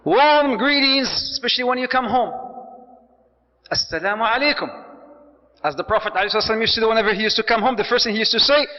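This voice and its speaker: Animated high-voiced male preacher, hall echo. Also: quick pace. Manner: animated, jokey, mixes in Arabic phrases. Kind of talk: lecture on marriage to an audience. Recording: dull, hall-echoed lecture recording.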